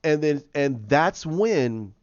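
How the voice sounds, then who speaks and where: A man's voice: a little high, slow, clean tone, no echo. A man casually recapping a comic book story, acting out the characters' lines with lots of restarts. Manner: animated, acts out characters' lines, many restarts. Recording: dry, muffled lo-fi.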